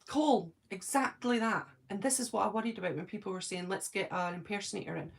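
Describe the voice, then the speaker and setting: A woman's voice: medium pitch, quick pace, gravelly, noisy background. A Scottish woman chatting casually on a live stream from her home, answering viewers' comments by name and thinking aloud. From Scotland.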